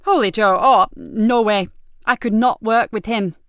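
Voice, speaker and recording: A woman's voice: on the high side, a little slow, dry recording, clean studio sound. Sardonic hard-bitten police inspector, voiced by a woman. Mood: indignant. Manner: sardonic, bristling. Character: hard-drinking defiant female police inspector. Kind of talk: audiobook character voice.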